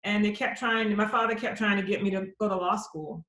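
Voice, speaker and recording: A woman's voice: medium pitch, fairly even intonation, fairly quick, a bit bright. A middle-aged woman poet answering audience questions at a virtual book launch, telling stories and acting out the voices of people she quotes. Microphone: computer mic on a video call. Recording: roomy echo on a video call.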